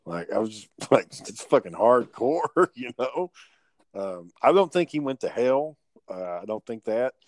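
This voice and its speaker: Man, podcast host, low-pitched, dry close sound, rambling and profane storyteller. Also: sing-song, normal speed, darkish tone, no room sound. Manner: rambling, profane, laughs while telling stories. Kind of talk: casual storytelling chat.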